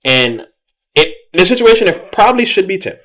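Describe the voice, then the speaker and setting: A man co-hosting a podcast, giving relaxed, joking, slangy commentary on a reality show. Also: high voice, normal speed. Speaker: podcast co-host. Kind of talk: casual recap chat.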